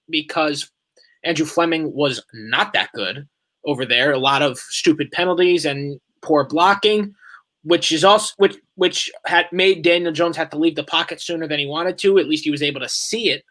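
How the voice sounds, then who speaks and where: Opinionated sports co-host, a man with a bright, slightly high voice. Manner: opinionated, frustrated. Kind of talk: casual sports discussion.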